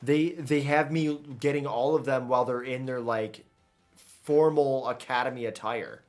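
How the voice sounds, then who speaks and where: A man's voice: mid-range voice, steady tone, moderate pace, a little mellow, faint music behind. Chatty man streaming a game. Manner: rambling, chatty, self-interrupting. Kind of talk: casual gameplay commentary.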